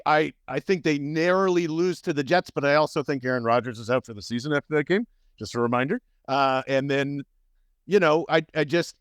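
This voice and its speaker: A man co-hosting a casual sports podcast, animated and profane, his voice swinging up and down as he argues. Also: no echo, clean studio sound. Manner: animated, profane, jumps up and down in pitch. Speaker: podcast co-host.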